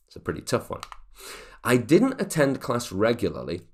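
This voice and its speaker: Lively male English teacher. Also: medium pitch, moderate pace. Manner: explanatory, lively, reads example sentences aloud. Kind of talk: grammar lesson.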